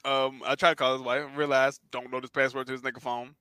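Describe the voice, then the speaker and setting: A man's voice: mid-range voice, quick pace, smooth, dry recording. A man co-hosting a podcast, telling a story in casual chat and acting out the voices of the people in it. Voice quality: animated storyteller, acts out quoted voices. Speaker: podcast co-host.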